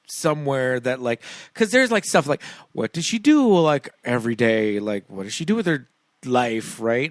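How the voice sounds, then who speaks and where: A man's voice: mid-range voice, no echo. A man co-hosting a podcast in casual chat, laughing often and slipping into silly voices. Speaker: podcast co-host.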